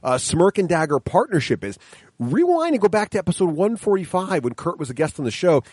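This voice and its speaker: A man co-hosting a casual board game podcast, energetic and playful, laughing often. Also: high-pitched, fairly quick, breathy edge, no echo, clean studio sound. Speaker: podcast co-host.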